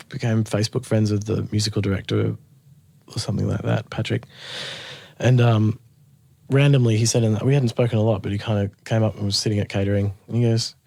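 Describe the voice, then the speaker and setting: A gravelly, somewhat low male voice, recorded with no echo, belongs to an Australian guest musician. He laughs a lot while telling a story in a casual interview, animatedly playing out the quotes of people involved.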